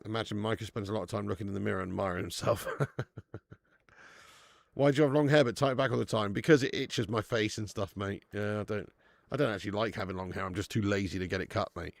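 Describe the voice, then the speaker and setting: Gravelly man hosting a football watch-along. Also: on the low side, fast, dry recording. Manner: casual and sweary, with loud bursts of hype thanking viewers. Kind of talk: live football watch-along chat reading out viewer tips.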